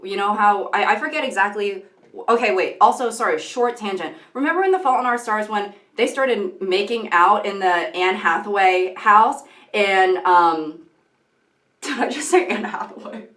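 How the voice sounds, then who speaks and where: A woman's voice: mid-range voice, animated, moderate pace, fairly bright tone. A young woman vlogging in casual, rambling commentary, often breaking off into tangents and giggling. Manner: rambling, self-interrupting, giggly. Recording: echoey room.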